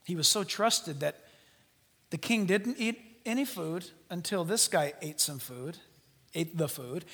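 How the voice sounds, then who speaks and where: A man's voice: high voice, bright, forceful tone. A man preaching a sermon, speaking animatedly to the congregation and acting out the voices in the biblical dialogue. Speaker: pastor. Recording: long hall reverb.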